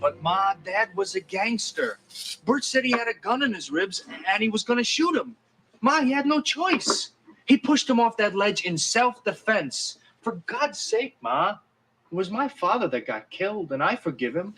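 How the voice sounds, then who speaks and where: A man's voice: sits high, expressive, moderate pace, sharp tone, slight background noise, rough recording. An actor playing an earnest young man who pleads with his mother in an urgent way. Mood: pleading.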